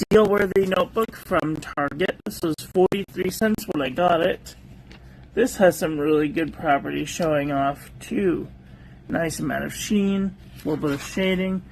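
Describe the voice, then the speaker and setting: Male host, higher register, slow and relaxed; casual livestream reviewer listing items in short phrases, chatting with viewers. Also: creaky, a little hiss or hum. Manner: unhurried, itemizing paper traits in short clipped phrases; chats aside with live viewers. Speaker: stationery reviewer.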